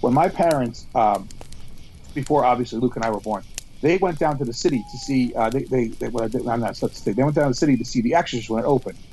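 His medium-pitched, darkish voice moves at a quick pace as he co-hosts a podcast outdoors by a campfire. He tells rambling stories, swears, and acts out quotes in a casual storytelling chat, captured on a low-quality recording with slight background noise.

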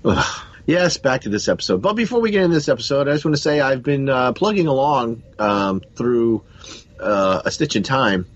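A man's voice: mid-range voice, animated, brisk, lo-fi sound. A man hosting a podcast in casual chat, rambling and correcting himself, sounding stuffed up from a cold. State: has a cold. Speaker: podcast host.

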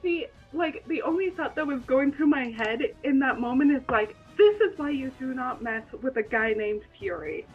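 A woman's voice: high-pitched, moderate pace, hardly any pauses. A young woman co-hosting a casual fan podcast, dropping dry, wry asides. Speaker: podcast co-host. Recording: dull lo-fi audio with faint music.

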